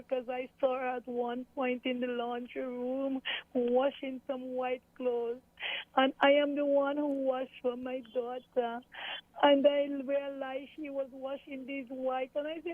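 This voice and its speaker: A woman's voice: high-pitched, level tone, a little slow, no echo. A middle-aged Jamaican woman in an interview, recalling events with her daughter and quoting what others said, tearful at times. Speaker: interviewee, mother of a missing woman. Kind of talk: emotional interview recollection. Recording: tinny phone-like dry sound.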